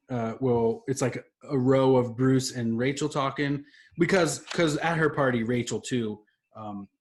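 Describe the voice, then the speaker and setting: A man talks through a comic book plot on a podcast, loosely and casually. He rambles and fills gaps with "um" and "like" as he goes. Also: mid-range voice. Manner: rambling, summarizes plot with many fillers. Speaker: podcast co-host.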